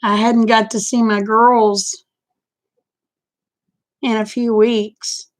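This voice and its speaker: Older woman, stream host: folksy, frank, slow storyteller, slightly high voice. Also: flat delivery. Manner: folksy, candid, chatty. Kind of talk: casual chat storytelling.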